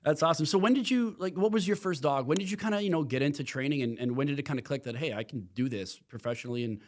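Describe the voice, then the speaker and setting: A man's voice: fairly high pitch, quick pace. A man hosting a podcast, interviewing his guest in an upbeat, casual way and laughing along often. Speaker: podcast host.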